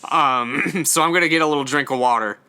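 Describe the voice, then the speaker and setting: A man's voice: on the high side, fast, sharp tone, clean tone. A young man hosting a casual solo ranking show, talking in a chatty way with lots of fillers and stumbling over his words now and then. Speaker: host ranking episodes.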